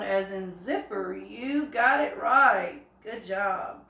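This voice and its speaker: A woman teaching an early-grade phonics lesson, speaking slowly and encouragingly. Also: mid-range voice, expressive, sharp tone, a little hiss or hum. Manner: slow, encouraging, with drawn-out examples. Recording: echoey room.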